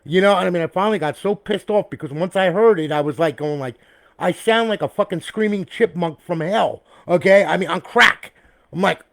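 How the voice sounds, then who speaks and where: A high-pitched, gravelly male console builder talks casually to camera about a build he's finished, his voice dry, close, and without echo. He rambles, follows nearly every point with "okay?" or "all right?", and is blunt, profane, and chummy toward viewers. He records on an external mic rather than the camera's built-in one.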